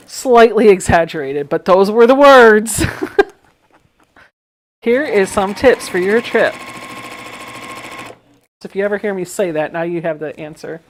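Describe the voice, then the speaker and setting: A woman's voice: mid-range voice, a little hiss or hum. A woman hosting a live sewing stream, chatting casually and telling stories while she sews. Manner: chatty, laughs often, tells anecdotes. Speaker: sewing livestream host.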